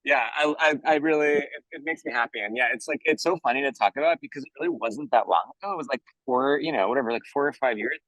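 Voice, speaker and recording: A man's voice: medium pitch, fast, few pauses, a bit bright, no echo, low-quality recording. A man giving casual interview answers about his theater work, chatty and earnest, full of "like" and "you know". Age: adult, working in theater for years. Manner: enthusiastic, earnest. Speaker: musical theater composer, interview guest.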